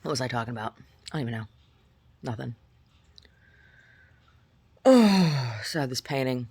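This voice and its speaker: A woman vlogger talking in a rambling, chatty way, often asking "right?" and at times jumping up into a high squeaky pitch. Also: expressive, moderate pace, darkish tone, husky. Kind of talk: casual rambling monologue.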